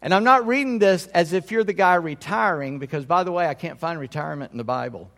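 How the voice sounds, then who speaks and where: Slightly high-voiced preaching pastor, reverberant hall. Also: male voice, quick pace, vocal fry, fairly bright tone. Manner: conversational, checks in with the congregation. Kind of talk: sermon.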